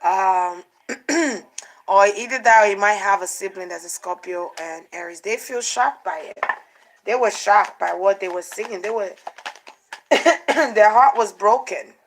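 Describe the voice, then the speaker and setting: A woman's voice: mid-range voice, measured pace, slight background noise, rough recording. Woman doing a tarot reading, chatty and repetitive, some faint clicking behind her. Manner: animated, repeats herself, acts out quotes. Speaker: tarot card reader. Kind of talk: casual spiritual card reading.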